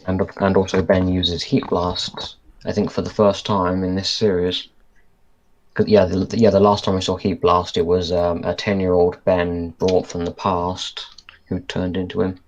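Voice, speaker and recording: A man's voice: low-pitched, little pitch movement, moderate pace, muffled recording, slight background noise. A man co-hosting a casual podcast chat, thinking aloud and restarting his sentences as he goes. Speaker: podcast co-host. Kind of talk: casual chat reviewing a cartoon episode.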